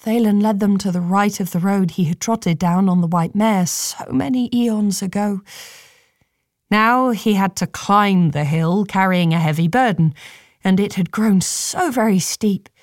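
A woman reads a fantasy story aloud in a measured, steady way. Her voice sits at a middle pitch and sounds close and dry, with no room around it. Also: dry recording. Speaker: narrator. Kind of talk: audiobook narration.

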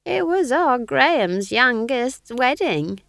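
A woman reading, who puts on a homely old witch, cheerful and folksy. She drawls her words out slowly with a lively lilt. The sound is dry and close. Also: high voice, gravelly, no room sound, pitched above the performer's own voice, full character voice. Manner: folksy, drawn-out, chuckling.

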